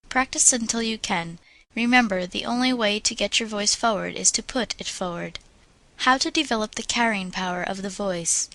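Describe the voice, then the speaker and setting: A woman narrates an audiobook on public speaking in a mid-pitched voice. Her reading is measured and instructive, and she draws out vowel sounds in slow practice drills. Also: a bit bright, poor audio.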